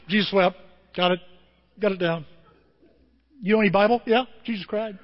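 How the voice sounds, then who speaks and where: A man pastor preaching a sermon with emotion, his voice moving from quiet and tender to loud and emphatic. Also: high-pitched, moderate pace, long pauses, long reverb tail, muffled recording. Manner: emotional, swings from soft to emphatic.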